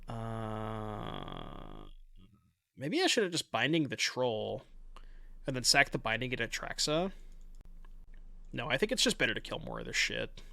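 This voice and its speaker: A man's voice: mid-range voice, vocal fry, sharp tone, no room sound. A man giving casual commentary on his online card game, thinking aloud in a chatty, self-mocking way and swearing now and then.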